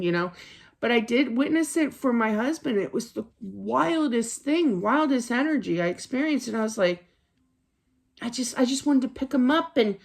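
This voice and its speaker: Chatty woman giving a spirit reading. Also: on the high side. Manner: rambling and chatty, with many fillers and restarts. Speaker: psychic card reader. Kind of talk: casual spiritual reading to camera. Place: home office at her desk.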